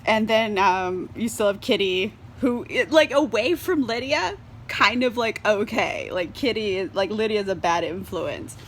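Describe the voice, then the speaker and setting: A woman's voice: mid-range voice, a little slow, a little hiss or hum. A tipsy young woman reviewing a book in a casual vlog, bubbly and laughing often, swearing freely and saying "like" a lot. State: tipsy from wine. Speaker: book vlogger.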